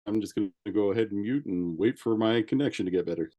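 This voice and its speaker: A man's voice: on the low side, dark tone, no room sound. A man playing in an online tabletop game, speaking hesitantly over a video call. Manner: hesitant, halting. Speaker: player.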